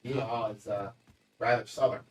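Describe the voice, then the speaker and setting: A man's voice: lowish voice, steady tone, moderate pace, darkish tone. A man co-hosting a gaming livestream, reading viewer chat aloud with dry, wry comments. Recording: echoey, distant from the mic.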